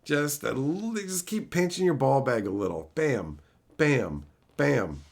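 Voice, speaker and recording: A middle-aged man ranting sarcastically at his live chat in casual, profane talk, breaking into loud mocking outbursts. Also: mid-range voice, lively intonation, slow, vocal fry, slightly rough. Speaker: streamer reading live chat.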